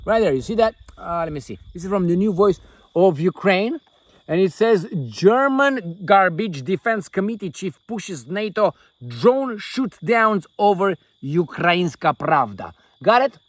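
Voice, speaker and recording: A man's voice: high-pitched, lively intonation, a little slow, no echo. An older man vlogging from inside a tent, giving rambling political commentary in a profane, mocking, jokey way.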